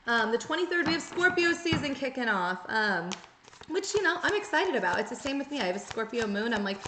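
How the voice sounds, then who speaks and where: A woman's voice: a little high, sing-song, a little fast. Earnest woman reading tarot in an echoey room. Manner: earnest, coaching, acts out quoted inner voices. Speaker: tarot reader. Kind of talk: direct-to-camera tarot reading. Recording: echoey room, faint noise.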